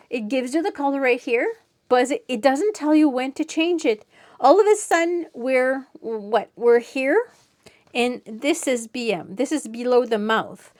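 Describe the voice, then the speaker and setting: A woman hosting a casual crafting review video, speaking frankly and repeating herself when frustrated. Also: high-pitched.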